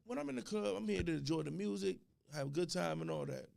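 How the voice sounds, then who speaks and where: A man's voice: sits high, expressive, fast, gravelly, darkish tone. A man chatting casually on a radio talk show, loose and joking, in heavy slang, often repeating himself. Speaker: podcast co-host. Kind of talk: casual chat.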